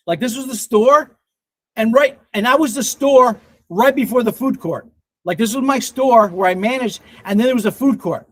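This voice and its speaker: A man in his fifties hosting a casual livestream and reading the chat, excitable, laughing often and swearing freely. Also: high voice, no room sound. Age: 50s.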